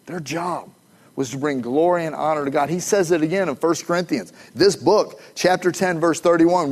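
Emphatic preacher man, higher voice. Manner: emphatic, calls for audience responses. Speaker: pastor. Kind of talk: sermon.

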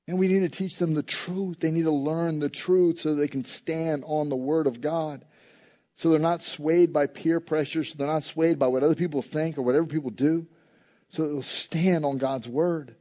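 Male pastor, high mellow voice, conversational sermon that swings from emphatic to hushed, slightly dull recording. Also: steady tone, moderate pace. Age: adult with a school-age son. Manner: conversational preaching, shifting between loud emphasis and soft low asides.

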